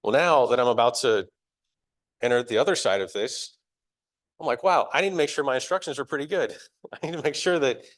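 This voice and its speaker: A young man gives a live church sermon in an easygoing, conversational tone. He is self-deprecating and laughs at himself as he goes. His voice sits at an ordinary middle pitch. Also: fairly quick. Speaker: preacher.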